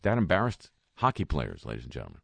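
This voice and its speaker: Man, very low voice, wry news commentary, sarcastic asides, dry close mic. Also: huge pitch swings, quick pace, creaky, fairly bright tone, husky, no echo. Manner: dry, sarcastic asides between read quotes. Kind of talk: wry spoken news roundup.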